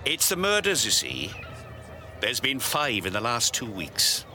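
An actor playing a worried local man in an audio drama, asking for help in a slow, pleading way. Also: medium pitch, wildly swooping pitch, music in the background.

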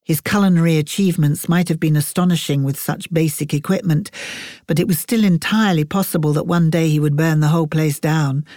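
A woman narrating an audiobook in a measured, wry storytelling manner. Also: deep voice, mellow, no echo, clean studio sound.

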